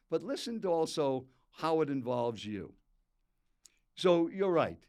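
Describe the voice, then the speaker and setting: A man in his eighties, a professional speaker, telling a story in an interview and talking straight to the listener. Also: medium pitch. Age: 80s. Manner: animated storyteller who talks straight to the listener. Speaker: professional speaker and speech coach.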